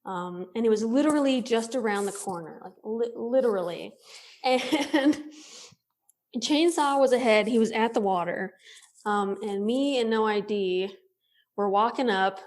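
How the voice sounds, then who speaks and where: A woman's voice: a little high, measured pace. A woman guest on a podcast, telling a story casually with lots of laughter and filler words. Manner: animated, laughs often, many "like" fillers. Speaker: podcast guest, thru-hiker.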